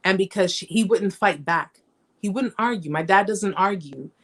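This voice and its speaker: A woman hosts a live-stream chat, talking conversationally and emphatically at normal speed in a slightly bright voice. She repeats herself and acts out her stories, raising her pitch as she reenacts them.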